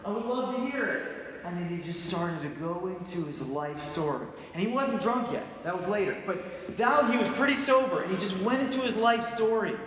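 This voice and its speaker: In a church hall with long, echoing reverb, a man preaches as pastor in a high-pitched, somewhat bright voice. His conversational sermon mixes jokes and stories with questions for the congregation, over a slight hiss or hum.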